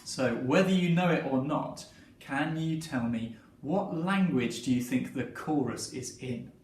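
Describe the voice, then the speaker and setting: A man's voice: medium pitch, expressive, unhurried. A man leading a children's singing lesson, talking in a friendly, encouraging way. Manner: friendly, encouraging, sings along. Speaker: singing teacher. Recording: roomy sound from a distance with piano. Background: piano.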